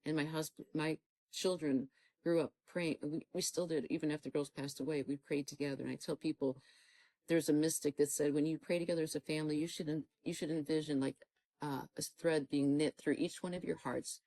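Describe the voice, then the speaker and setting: A woman's voice: deep voice, steady tone, brisk, warm tone, low-quality recording. A middle-aged woman giving an earnest personal testimony, acting out the words she and others said back then. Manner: earnest storytelling, acting out her own past dialogue. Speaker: guest telling her testimony.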